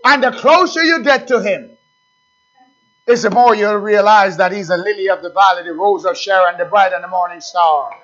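A man preaching a sermon, emphatic, stretching words slowly to stress the scripture. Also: high-pitched, fairly bright tone. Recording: dull lo-fi recording.

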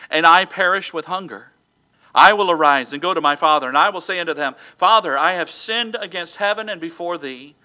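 A man's voice: on the high side, pushed and bright, rough recording. A man preaching a sermon who reads scripture in old King James wording and asks the congregation "Amen?" between points.

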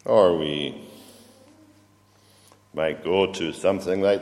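A man preaching a sermon in a church, slow and reflective, often turning questions to the congregation. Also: low-pitched, a little mellow. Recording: long reverb of a church hall.

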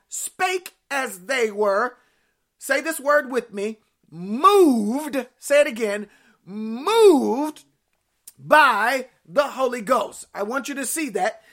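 A high-voiced woman preaching a sermon. Her delivery is emphatic, with repeated key phrases and call-and-response, and it bursts into sudden shouts of praise.

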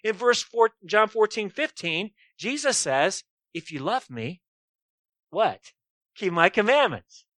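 A man's voice: sits high, sing-song, slow, a bit bright, no room sound. A man preaching a sermon emphatically, often posing rhetorical questions to his listeners.

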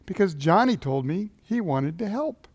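A scheming little girl with a soft, sly whisper, played by a man telling a story from the pulpit. She is a little higher than an ordinary man's voice. Her voice drops low and sneaky as she reminds her brother of his secret. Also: sing-song, normal speed, slightly rough, heavily acted.

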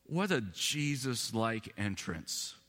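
A man's voice: on the low side, sing-song, takes it slowly, fairly bright tone, in a large hall. A man preaching an Easter sermon in a church, talking conversationally and musing aloud with self-deprecating asides. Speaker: pastor.

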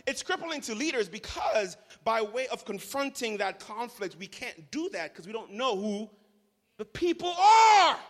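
A man preaching a sermon as pastor, telling the story with humor and animated asides. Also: very high voice. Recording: large hall reverb.

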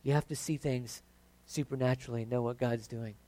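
A pastor preaching a conversational sermon that builds to emphatic points. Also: male voice, medium pitch, steady tone, brisk, mellow.

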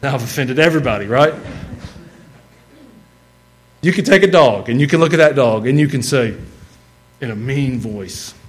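A man's voice: mid-range voice, animated, a little fast, long pauses, poor audio. A man preaching a sermon in a church, reading scripture aloud and mixing in casual, humorous asides. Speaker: pastor. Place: church sanctuary.

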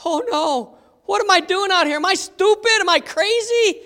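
A Bible teacher voicing Peter, a male disciple who pleads in rapid questions and then panics. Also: extremely high pitch, pushed and bright, voice pushed up. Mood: panicked. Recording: long hall reverb.

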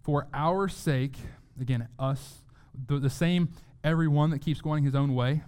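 A man's voice: on the high side, unhurried, darkish tone, smooth. A man preaching a sermon as pastor, earnest, often repeating words as he stresses a point.

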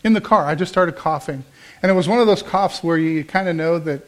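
A man's voice: fairly high pitch, quick pace. A middle-aged male pastor preaching a sermon in a conversational, storytelling way, acting out the dialogue he quotes. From American Midwest.

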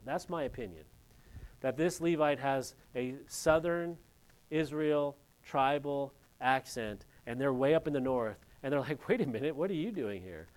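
A middle-aged man from California, a pastor teaching through a Bible passage in a conversational way with joking asides and quick quoted voices. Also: mid-range voice, a little mellow.

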